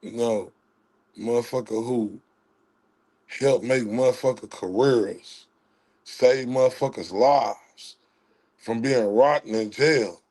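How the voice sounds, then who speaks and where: A man hosting a livestream, ranting in a heated, profane way and swinging between loud outrage and quiet apologies. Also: mid-range voice, takes it slowly, pauses often. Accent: Southern US. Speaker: livestream host.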